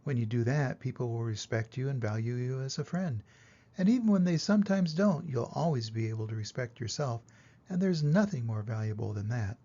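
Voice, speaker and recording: An older grandfather reading a rhyming children's book aloud in a sing-song way, then giving gentle advice to a child. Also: mid-range voice, lively intonation, a little fast. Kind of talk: storybook read-aloud. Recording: lo-fi dull recording.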